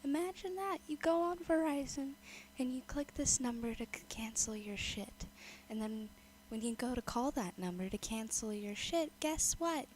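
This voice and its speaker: A woman's voice: on the high side, animated, normal speed, a little mellow, slight background noise, rough recording. A woman filling in on a livestream, talking in a sarcastic, exasperated way. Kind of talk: livestream commentary.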